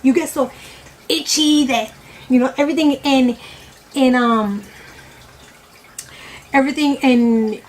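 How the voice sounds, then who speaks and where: A woman's voice: high voice, fairly even intonation, slow, long pauses, slight background noise, low-quality recording. A woman vlogger chatting casually about her opinions while eating, rambling and correcting herself as she goes. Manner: rambling, with many "you know" fillers and self-corrections.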